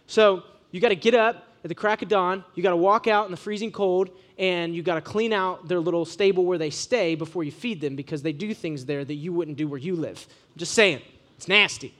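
A young man from Ohio, preaching to students in a casual, joking sermon full of animated storytelling. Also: sits high, fairly quick. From Ohio, USA.

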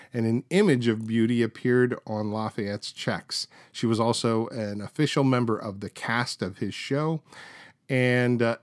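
A man's voice: medium pitch, no room sound, studio quality. A middle-aged man hosting a podcast, telling stories in a chatty way full of fillers and restarts. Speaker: podcast host. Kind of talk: casual storytelling.

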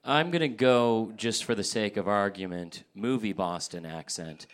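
A man's voice: fairly low pitch, moderate pace. A man competing in a live comedy game, riffing brashly and swearing freely. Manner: brash, profane, building riffs. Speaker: comedy contestant.

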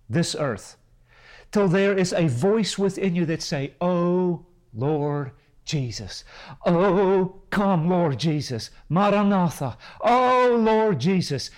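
Impassioned high-voiced preacher. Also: male voice, poor audio. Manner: impassioned, swinging between loud rises and hushed drops. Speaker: pastor and Bible school teacher. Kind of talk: sermon.

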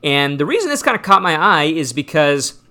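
A man's voice: on the high side, very animated, moderate pace, bright, forceful tone. A man hosting a finance show as an advisor, talking casually and with energy, acting out clients' questions and answering them with emphatic punch. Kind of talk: casual radio-style finance talk.

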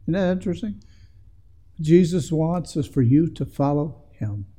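A man's voice: fairly high pitch, animated, unhurried, warm tone. A man preaching a sermon in an earnest way that builds to emphatic passages.

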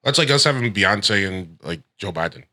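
A man's voice: fairly low pitch, animated, moderate pace, pushed and bright. A man co-hosting a podcast, riffing playfully and laughing often in casual chat. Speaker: podcast co-host.

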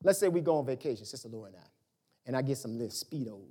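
A man's voice: medium pitch, lively intonation, very fast, mellow. A male pastor giving a conversational, folksy sermon, acting out little dialogues as he goes.

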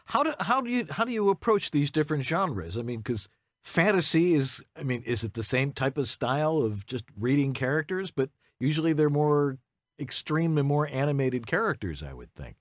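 A man's voice: fairly high pitch, big pitch swings, normal speed. A male host asks questions in a loose, conversational way, often restarting his sentences. His voice sounds close and dry, with no room echo. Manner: casual, conversational, with repeated starts. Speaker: podcast host. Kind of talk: live interview.

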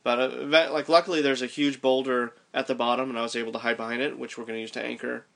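Guy with a gravelly voice, middle pitch, animated retelling of a scary climb. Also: fast, slight background noise. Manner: animated storyteller, shouts in quoted lines. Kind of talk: casual recounting of a climb.

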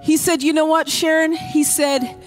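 Woman pastor preaching in church, high voice, acts out prayers, soft music under it. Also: level tone, moderate pace. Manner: impassioned preaching, acting out prayers. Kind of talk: sermon.

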